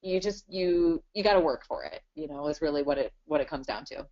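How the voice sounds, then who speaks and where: A woman's voice: low voice, expressive, brisk, mellow. A woman in her thirties, a business owner talking casually in a webinar interview and filling her talk with "you know". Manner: chatty, many "you know" fillers. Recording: dull lo-fi webinar audio.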